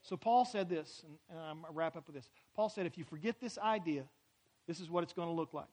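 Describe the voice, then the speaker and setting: A man preaching a sermon as a pastor, building emphatically to loud climaxes and having the congregation repeat phrases. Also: on the high side, fairly quick. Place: church sanctuary.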